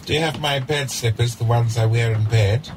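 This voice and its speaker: An actor playing a pompous aristocratic lord with no sense of humor, haughty and prone to giggling, in a comedic audio drama. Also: male voice, mid-range voice, moderate pace, heavy background noise, close to an everyday voice. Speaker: lead character.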